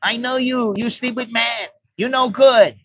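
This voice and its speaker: A man's voice: very high voice, steady tone, a little slow, fairly bright tone, highs cut off, voice pushed up, exaggerated voice. A man voicing a drunk, jealous foreign man who accuses his girlfriend in broken pidgin English. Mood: accusing.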